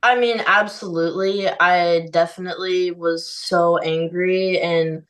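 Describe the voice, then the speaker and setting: A young woman appears as a podcast guest in a candid conversational interview, speaking openly and from the heart, her speech peppered with "like" and "you know." Her voice is on the low side with a steady tone and a slightly slow pace. She sits far from the mic, and the recording is rough.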